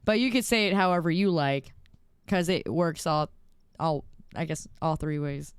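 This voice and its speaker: A woman's voice: sits low, normal speed, clean tone, no echo, studio quality. A young woman streamer in casual chat, reading viewer messages aloud and giggling often.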